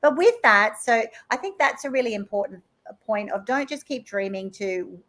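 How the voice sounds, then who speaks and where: A middle-aged woman, a guest in a casual interview, telling animated stories and acting out quotes. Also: fairly high pitch, normal speed. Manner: animated storytelling with acted-out quotes.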